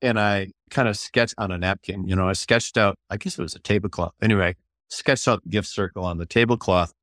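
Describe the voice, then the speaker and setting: An older man with a low voice tells stories as an interview guest. He speaks in a lively, conversational way, stumbles over and repeats his words, and raises his voice when he acts out what people said. The recording is dry and close. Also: a little fast, dry recording. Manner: animated storyteller, restarts phrases, acts out quotes in a raised voice. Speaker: author and ministry leader, guest.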